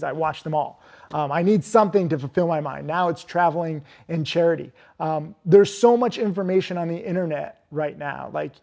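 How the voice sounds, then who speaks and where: A man's voice: high-pitched, a little mellow. A man speaking as an interview guest about trading, talking casually with lots of fillers and blunt, profane remarks. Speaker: interview guest, stock trader.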